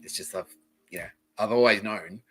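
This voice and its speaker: A man's voice: lowish voice, normal speed, pushed and bright, husky. An Australian man hosting a comedy podcast, ranting in a profane, rambling, mock-outraged way. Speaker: podcast host. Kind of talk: comedic rant.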